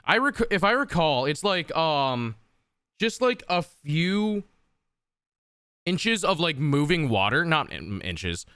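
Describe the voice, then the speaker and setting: A man's voice: on the high side, sing-song, slow, sharp tone, smooth, no room sound, studio quality. A man streaming a game, rambling and swearing casually with many fillers.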